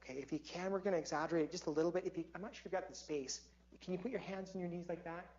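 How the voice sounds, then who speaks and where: A man lecturing a class and guiding them through stress-relief exercises in an energetic, coaching manner. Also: high-pitched, rapid-fire. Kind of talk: interactive stress-relief lesson. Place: lecture hall. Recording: dull lo-fi audio with faint hum.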